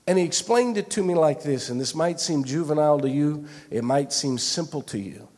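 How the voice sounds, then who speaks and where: A man's voice: fairly high pitch, animated, normal speed, darkish tone. Earnest male preacher in a reverberant hall. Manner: earnest, repetitive storytelling with many restarts. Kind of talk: sermon.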